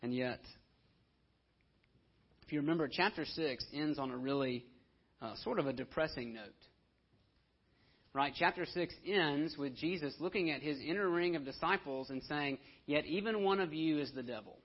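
Husky-voiced man preaching a sermon. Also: on the high side, normal speed, pauses often. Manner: conversational preaching, acting out quoted voices. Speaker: pastor. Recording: dull lo-fi audio.

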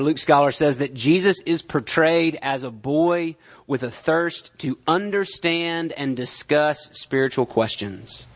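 A male pastor giving a conversational sermon, often checking in with his listeners. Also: a little high. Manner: conversational, checks in with "right?" and "okay?".

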